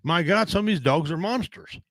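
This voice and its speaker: A man's voice: sits high, animated, fairly quick, a bit bright, no room sound, low-quality recording. Blunt rambling middle-aged man. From Native American. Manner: rambling, blunt, folksy, swears casually. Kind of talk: casual chat.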